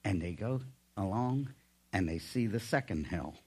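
Animated, slow-paced preacher man. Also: fairly low pitch, husky. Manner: animated storytelling, folksy humor. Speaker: pastor. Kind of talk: sermon.

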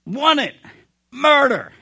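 A preacher taking on the voice of God, a commanding male deity who proclaims every word. The voice is raised and loud with a bright edge. Its pitch swings widely as it builds each declaration. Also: very animated, extremely slow, vocal fry, full character voice. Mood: proclaiming. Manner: proclaiming, emphatic.

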